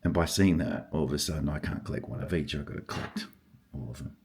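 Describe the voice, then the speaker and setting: Older male hobby vlogger, husky, deep and gravelly, excitable muttering to himself. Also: quick pace. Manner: excitable, murmurs and exclaims to himself. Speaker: stamp collector. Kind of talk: casual vlog, thinking aloud while sorting.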